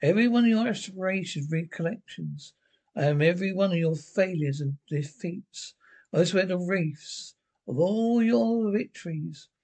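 A man reading a TV script aloud, voicing a mocking alter ego that speaks quietly and smoothly from inside someone's head. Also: high voice, expressive, moderate pace. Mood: solemn. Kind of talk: solo script reading of a TV drama.

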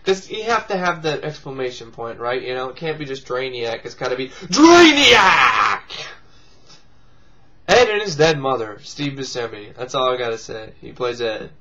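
A man's voice: medium pitch, expressive, fairly quick, hardly any pauses, a bit bright, dull audio, a little hiss or hum. A man hosting a video blog, giving sarcastic, profane comic commentary and mocking things in squealed put-on voices. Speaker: vlog host. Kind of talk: casual comedic commentary.

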